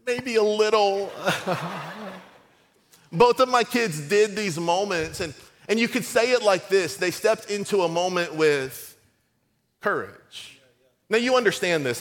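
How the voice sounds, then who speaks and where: A middle-aged man preaching a sermon, lively and conversational, acting out quotes in his stories, with a cold. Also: sits high, big-room sound. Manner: storytelling, animated and conversational, acts out quotes. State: has a cold. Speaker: pastor.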